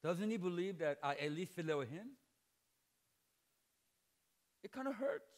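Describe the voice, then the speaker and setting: Animated high-voiced male preacher. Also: unhurried. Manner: animated, acts out dialogue and jokes; shouts at emphatic points. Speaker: pastor. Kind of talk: sermon. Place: church hall, preaching to students.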